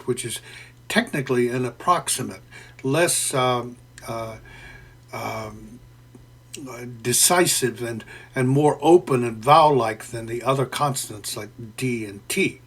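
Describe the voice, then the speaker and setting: A man giving a spoken close reading of a poem, deliberate and professorial, pausing often with "uh" and correcting himself as he explains. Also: medium pitch. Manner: deliberate and professorial, with frequent "uh" fillers and self-corrections. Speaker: poetry lecturer. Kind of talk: spoken literary analysis.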